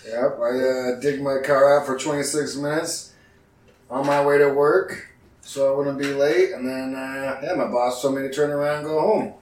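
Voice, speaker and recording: A man chatting on a casual podcast in an easygoing, unhurried way. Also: medium pitch, fairly even intonation, a little mellow, a little hiss or hum. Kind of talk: casual chat. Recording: roomy, distant mic.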